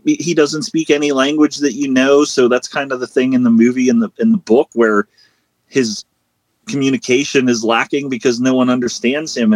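A man's voice: mid-range voice, dry recording. A man from Western Pennsylvania hosting a podcast, talking casually with lots of fillers. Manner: rambling, filler-heavy. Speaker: host. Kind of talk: casual chat.

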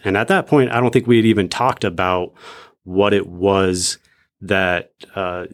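A man sharing his faith testimony in casual chat, reflective and measured with frequent pauses and ums. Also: low-pitched, steady tone.

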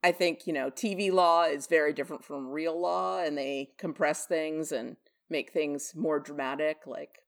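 A woman's voice: low-pitched, steady tone, moderate pace, hardly any pauses. A woman co-hosting a podcast in casual chat, laughing often and reading listener comments aloud. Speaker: podcast co-host.

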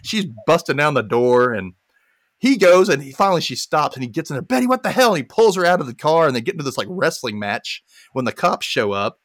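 A man's voice: fairly high pitch, brisk, no room sound, studio quality. A man hosting a podcast, casually recapping a movie and acting out the quotes. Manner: animated storytelling with acted-out quotes. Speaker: podcast host.

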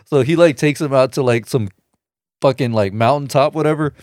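A man's voice: mid-range voice, brisk. A young man in casual chat with friends, retelling a comedy scene by scene, swearing freely, laughing and acting out the lines. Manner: animated storytelling, swears a lot, laughs often, acts out lines.

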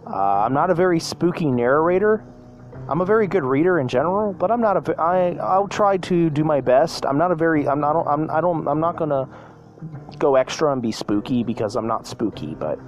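A man hosting a podcast, casually reading a fan story aloud with frequent stumbles and self-corrections. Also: fairly high pitch. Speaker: podcast host.

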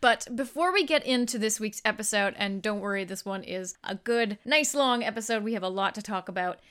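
A woman's voice: medium pitch, brisk, a bit bright, clean tone. A young adult woman co-hosting a podcast in casual, self-deprecating chat. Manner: chatty, self-deprecating, laughs easily. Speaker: podcast co-host.

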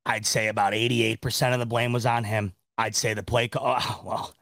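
A man's voice: medium pitch, level tone, brisk, gravelly, a bit bright, no room sound, studio quality. A man hosting a sports reaction podcast, talking casually in a rambling, exasperated way with lots of restarts and laughter. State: laughing to tears.

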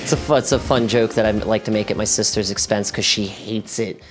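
A man's voice: lowish voice, steady tone, fairly quick, faint music behind. A man co-hosting a podcast, trading wry, profane quips in casual banter. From Maryland. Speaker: podcast co-host.

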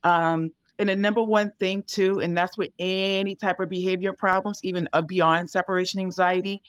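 A woman's voice: lowish voice, fairly even intonation, moderate pace, smooth, no echo, studio quality. A woman dog trainer giving casual advice in a conversation, explaining in a chatty way full of fillers like um and you know.

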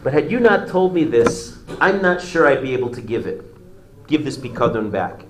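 A man voicing a wise, gentle woman who softly reassures her husband in a retold story, in an echoey room. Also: medium pitch, sing-song, normal speed, slight background noise, close to an everyday voice. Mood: gently probing.

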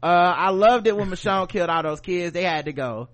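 Male co-host, loose joking recap delivery, a bit higher than average. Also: a little fast. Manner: laughing, animated banter. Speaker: podcast co-host. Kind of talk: casual chat recapping a TV show.

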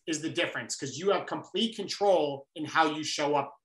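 A man with a New York accent, a guest author giving energetic, emphatic motivational talk in an interview. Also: fairly high pitch, normal speed, roomy sound, poor audio.

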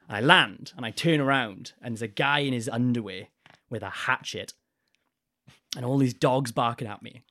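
A young man, a podcast guest, telling a rowdy story in a casual, animated way with swearing. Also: medium pitch, normal speed.

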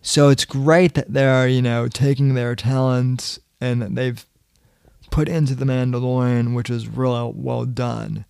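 A man's voice: mid-range voice, steady tone, measured pace, creaky, a little mellow, smooth, no echo. A young man hosting a podcast, rambling casually with many fillers and the odd swear. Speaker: podcast host.

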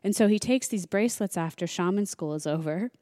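A woman, a podcast guest, telling a story in casual, animated talk and acting out the dialogue. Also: medium pitch, fairly quick, no room sound. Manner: animated, acts out quoted dialogue.

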